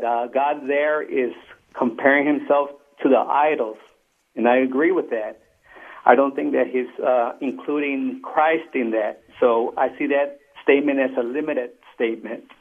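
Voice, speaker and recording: Hesitant man calling in on a tinny line. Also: medium pitch. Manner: hesitant, many fillers. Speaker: caller. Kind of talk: phone-in discussion.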